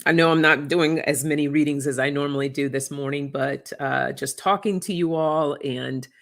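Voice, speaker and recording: An oracle card reader hosting a casual livestream, chatting warmly with viewers, reading out their comments and getting emotional. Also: mid-range voice, steady tone, normal speed, vocal fry. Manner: effusive, reads viewer comments aloud, gets emotional.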